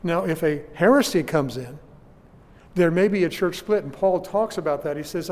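A man's voice: fairly high pitch, moderate pace, darkish tone, big-room sound. A man preaching a sermon to his congregation, earnest and questioning his listeners. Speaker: pastor.

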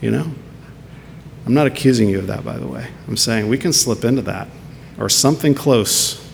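A man's voice: moderate pace, gravelly. A man preaching a sermon as pastor, earnest and full of rhetorical questions. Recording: long hall reverb with faint rumble.

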